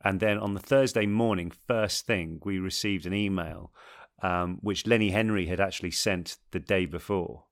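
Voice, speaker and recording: A man's voice: low-pitched, fairly even intonation, normal speed, few pauses. An English man in his thirties, an actor guest chatting casually and at length in an interview, laughing often.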